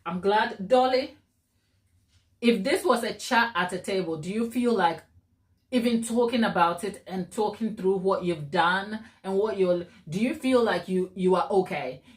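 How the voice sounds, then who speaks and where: A woman hosting a baking live stream, chatting warmly and encouragingly with her viewers and laughing often. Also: medium pitch, a little slow. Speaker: cake baking channel host.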